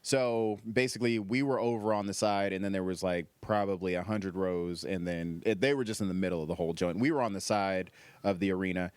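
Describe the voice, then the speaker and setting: A man with a low, smooth voice recorded close and dry. He tells a rambling, profane story in casual chat, full of fillers. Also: fairly even intonation, a little fast, dry recording. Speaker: stand-up comedian guest.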